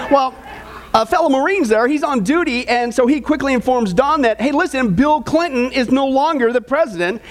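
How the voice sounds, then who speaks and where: A man preaching as pastor, telling jokes and bantering with his audience in an animated way. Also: very high voice. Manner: animated, jokey, tosses in audience asides. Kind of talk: joking sermon.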